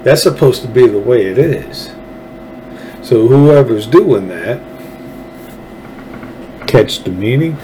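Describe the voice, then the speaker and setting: A Texan man delivers a rambling, fervent political monologue in an unhurried, drawn-out way, often stopping to restart his sentences. A faint hiss of background noise sits under his voice. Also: medium pitch, animated, dark tone, poor audio. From Texas. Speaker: show host.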